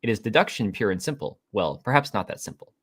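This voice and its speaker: A man reading an android who plays a prim detective, with crisp, clipped deductive delivery at a live table read. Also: fairly low pitch, very animated, fast talker, fairly bright tone. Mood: deducing.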